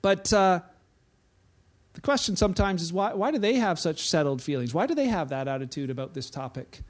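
High-voiced pastor preaching conversationally. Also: male voice, lively intonation, fairly quick. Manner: conversational, with acted-out anecdotes and frequent restarts. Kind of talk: sermon.

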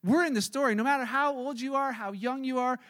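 A man's voice: very high-pitched, brisk, a bit bright. A male pastor preaching a sermon in a storytelling manner, acting out the characters he describes.

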